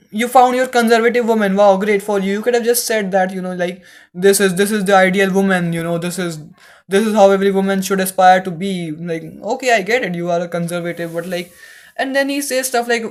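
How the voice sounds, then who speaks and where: A host giving casual reaction commentary, exasperated, swearing often and filling every pause with "like". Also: medium pitch. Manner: exasperated, swearing, heavy use of "like".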